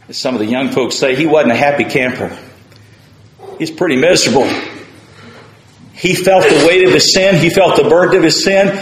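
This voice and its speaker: High-voiced preacher, roomy church. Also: male voice. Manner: preaching with rising fervor, paraphrasing scripture. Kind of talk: sermon. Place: church sanctuary.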